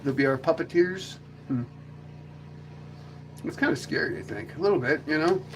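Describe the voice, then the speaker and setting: A man's voice: on the high side, normal speed, noisy background. A man hosting a casual livestream chat, rambling and joking, often slipping into silly voices. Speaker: livestream host.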